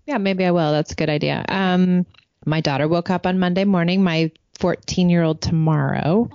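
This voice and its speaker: A woman in her thirties or forties, a podcast co-host, telling stories in an animated way and laughing often. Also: on the low side, moderate pace, dry recording, muffled recording. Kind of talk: casual podcast chat.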